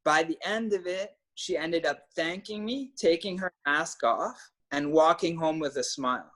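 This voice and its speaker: A man's voice: on the high side, normal speed, a bit bright. A man telling stories in casual, emphatic talk, swearing now and then as a coach. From Canada. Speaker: trainer and guest coach.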